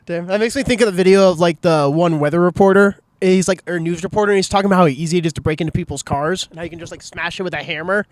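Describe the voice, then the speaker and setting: A man hosting a comedy podcast with a high voice, tossing out jokes and laughing along. He sounds laid-back and playful. The sound is close and dry. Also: steady tone, rapid-fire, few pauses, no room sound. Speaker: podcast host. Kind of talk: casual chat.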